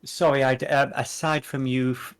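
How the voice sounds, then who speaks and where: A man's voice: mid-range voice, flat delivery, normal speed, clear, resonant tone. A man role-playing his character in a tabletop game, wry and self-mocking. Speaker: player voicing a monk character.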